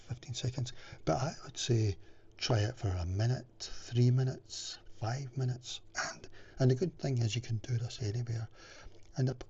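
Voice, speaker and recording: A man's voice: lowish voice, creaky, darkish tone, slight background noise. A man from the UK giving casual, rambling self-help advice with many fillers and restarts, sometimes dropping into a whisper. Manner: drops into whispers now and then. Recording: dull lo-fi recording.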